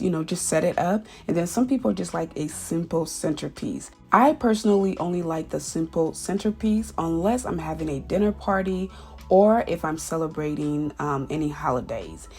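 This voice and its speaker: A woman's voice: on the low side, creaky, husky. A woman chatting casually as she narrates her home decorating, often repeating words for emphasis. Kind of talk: casual voice-over vlog. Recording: soft background music.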